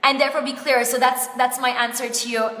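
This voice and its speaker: A woman coach speaks in a high, bright voice in a live-streamed coaching session. She is effusive and heartfelt, close to tears, and drops "like" into nearly every thought. Her voice carries a roomy echo with a long reverb tail. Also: little pitch movement, a little fast. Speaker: business coach. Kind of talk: Facebook Live coaching talk. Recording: echoey room with long reverb.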